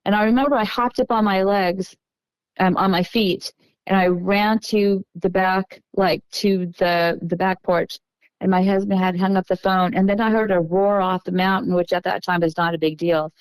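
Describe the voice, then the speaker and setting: A middle-aged woman from Texas, a podcast guest, recounting a personal story in an unhurried, halting way with frequent restarts. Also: medium pitch, steady tone, smooth, no room sound, poor audio.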